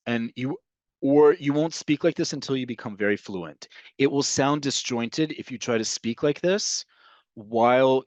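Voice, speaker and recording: A man teaching an online language lesson, explaining slowly and repeating each example. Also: mid-range voice, no echo. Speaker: Hebrew teacher.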